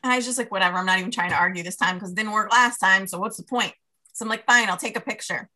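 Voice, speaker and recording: A woman's voice: medium pitch, rapid-fire, pushed and bright. A woman working as a life coach, telling a personal story in a podcast conversation and acting out her inner dialogue with laughs.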